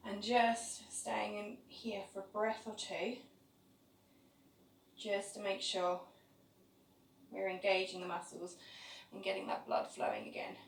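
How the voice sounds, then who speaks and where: A woman's voice: mid-range voice, unhurried, vocal fry, pauses often, a little hiss or hum. Echoey woman cueing a yoga class. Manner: calm step-by-step cueing of poses. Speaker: yoga teacher. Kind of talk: guided yoga class instruction. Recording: echoey room, voice from a distance, faint ambience.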